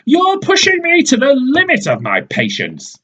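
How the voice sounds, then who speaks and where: A man's voice: very high-pitched, wildly swooping pitch, measured pace, pitched above the performer's own voice, heavily acted. A man doing a blustering, impatient bossy man. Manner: blustering, growing louder. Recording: dull lo-fi recording.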